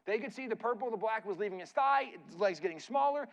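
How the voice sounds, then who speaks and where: A man's voice: high-pitched, expressive, fast talker, highs cut off. A man speaking as a guest preacher in a church, telling a story in a casual, conversational way with frequent "like" and "right?" asides.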